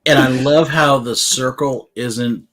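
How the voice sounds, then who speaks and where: A man's voice: mid-range voice, fairly even intonation, takes it slowly, over a noisy crowd. A male guest in a casual comic book discussion, enthusiastic and opinionated.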